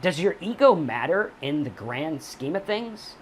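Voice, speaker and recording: A man hosts a recovery channel, speaking straight to camera with blunt advice, cursing freely and hammering his main points again and again. His voice sits a little high and is very animated, delivered unhurriedly with a faint hiss or hum in the recording.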